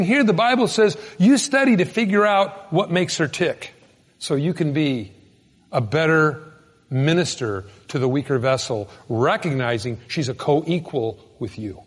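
A man preaching a sermon in a folksy, animated storytelling manner with sudden loud bursts. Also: sits high, in a large hall. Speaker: pastor.

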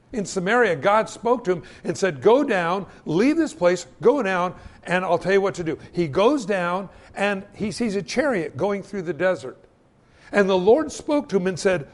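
A man preaching a sermon, telling Bible stories and acting out the voices in the quotes. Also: high-pitched. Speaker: pastor.

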